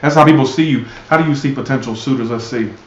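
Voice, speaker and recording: A man reads tarot cards with blunt, cursing sarcasm. His voice sits in a middling pitch range. The recording sounds roomy and a little dull. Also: fast. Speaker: tarot reader. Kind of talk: live tarot reading.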